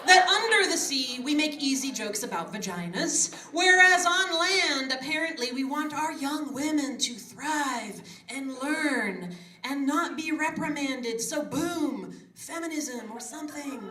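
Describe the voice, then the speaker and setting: Playful female comic, unhurried mock-earnest delivery, roomy live pub sound. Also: high-pitched, expressive, sharp tone. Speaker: comedian in a debate show. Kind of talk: comic debate speech. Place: pub stage with a live audience. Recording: roomy live recording with audience.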